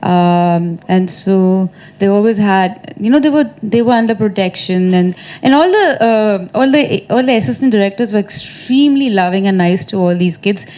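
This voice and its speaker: A woman's voice: medium pitch, lively intonation, moderate pace, few pauses, dark tone. A woman in her thirties answering questions at a press conference, chatty and teasing, laughing often. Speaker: actress at a press meet.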